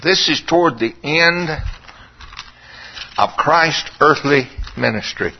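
A man preaching a sermon in a dramatic, drawn-out way, sometimes dropping to a hushed, pleading tone. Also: fairly high pitch, expressive, slight background noise. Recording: dull lo-fi sermon recording.

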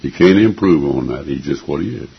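A man's voice: very deep voice, animated, a little fast, dull audio. A man preaching a sermon in an earnest, emphatic way, repeating phrases to drive them home. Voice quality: gravelly, raspy.

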